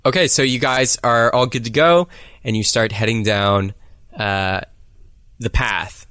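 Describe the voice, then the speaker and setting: A man's voice: mid-range voice, fairly even intonation, measured pace, sharp tone, smooth, dry recording, studio quality. A man running a tabletop game as game master, narrating loosely with restarts.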